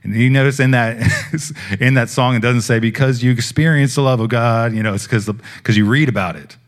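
A young man preaching, telling a personal faith story in a casual, heartfelt way that swings between hushed and loud. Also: medium pitch, brisk. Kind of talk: sermon testimony.

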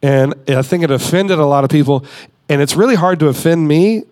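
A high-voiced, slightly mellow man delivers a casual, conversational sermon, sounding like a guest speaker in his thirties. He emphasizes his points and briefly mimics the people he mentions.

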